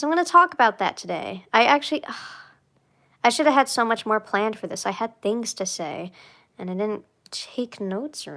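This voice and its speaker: A woman's voice: a little high, moderate pace. Rambling young woman streamer. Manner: rambling, self-deprecating, swings between sighs and excited squeals. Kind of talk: casual rambling livestream chat.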